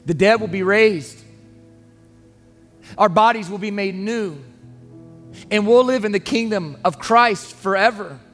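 A man's voice: high voice, a little slow, pauses often, fairly bright tone. A man preaching a sermon as pastor, earnest and emphatic, pleading with his listeners. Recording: long reverb, faint music underneath.

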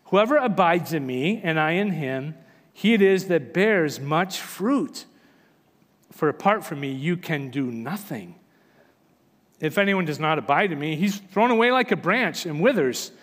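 High-voiced man preaching in a reverberant hall. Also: fairly bright tone. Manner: earnest, emphatic preaching with rising and falling emphasis. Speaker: pastor. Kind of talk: sermon with scripture reading.

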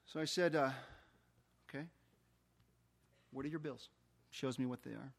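A man's voice: mid-range voice, unhurried, vocal fry. A middle-aged man preaching as a pastor, telling a story and acting out the dialogue. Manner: animated storyteller, acts out dialogue. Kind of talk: sermon storytelling.

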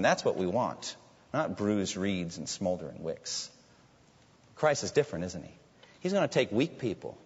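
A man preaching a sermon, swinging from loud proclaiming to hushed asides. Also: mid-range voice, slightly rough. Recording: dull audio with long hall reverb.

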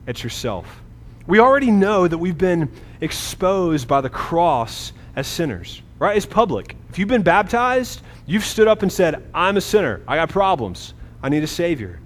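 A middle-aged man preaching a sermon as a pastor, talking to the congregation in a conversational way and often checking in with a quick "right?". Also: on the high side, slight background noise. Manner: conversational, frequent "right?" asides. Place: church hall. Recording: reverberant hall, faint ambience.

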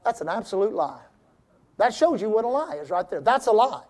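A middle-aged man preaching a sermon, calling out to the congregation, reading scripture aloud and at times breaking into shouts. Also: high-pitched, very animated, fairly quick. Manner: preaching with call-and-response to the congregation; reads scripture aloud in old-fashioned wording. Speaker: pastor.

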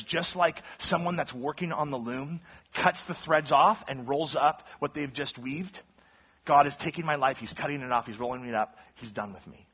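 A man's voice: a little high, husky, muffled recording. A man preaching an earnest sermon, teaching through a passage with emphatic, rising intensity. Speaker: pastor.

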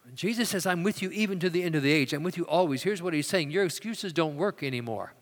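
A man preaching a sermon, moving between loud emphatic declarations and quiet, hushed storytelling. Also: fairly high pitch, animated, fast talker. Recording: long hall reverb.

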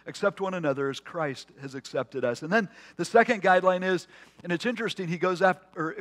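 A man preaching a conversational sermon as pastor, with asides and restarts. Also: on the high side. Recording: long hall reverb.

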